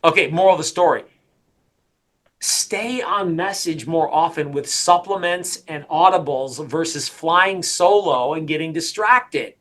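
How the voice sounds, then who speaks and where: Middle-aged guy coaching sales, bright forceful voice kinda high, pumped up and repeats himself a lot. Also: unhurried. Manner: energetic, emphatic, repetitive. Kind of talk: coaching session.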